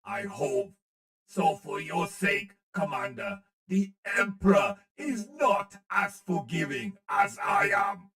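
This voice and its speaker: A man voicing a menacing, commanding armored villain, with reverb from his audio setup on a slow, gravelly, booming delivery. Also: pushed and bright, soft background music, exaggerated voice.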